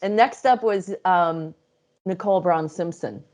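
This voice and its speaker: A woman's voice: lowish voice, measured pace, darkish tone. A middle-aged woman speaking as an interview guest, telling her stories casually, laughing often and acting out quotes. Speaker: interview guest, psychic channel.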